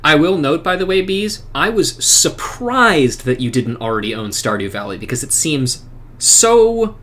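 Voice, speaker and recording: A man's voice: on the high side, moderate pace, pushed and bright. A young man hosting a game playthrough, chatty and casually swearing. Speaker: let's-play host. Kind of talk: casual gaming chat.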